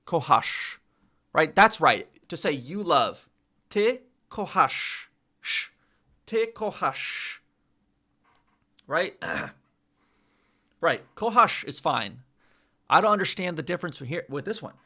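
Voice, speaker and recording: A man's voice: on the high side, big pitch swings, unhurried, bright, forceful tone, breathy edge. A man vlogging as he practises pronunciation, repeating words over and over and mocking his own attempts. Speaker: vlogger learning a language. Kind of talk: casual vlog practice session.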